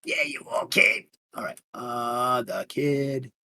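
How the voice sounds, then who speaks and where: Rambling game master with a lively voice. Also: male voice, medium pitch, slow, vocal fry, a little hiss or hum. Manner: rambling, full of fillers. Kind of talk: narrating a tabletop game.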